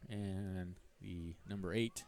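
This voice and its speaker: A man's voice: low-pitched, slow. Man calling baseball play-by-play. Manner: calm, rising sharply on big plays. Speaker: play-by-play announcer.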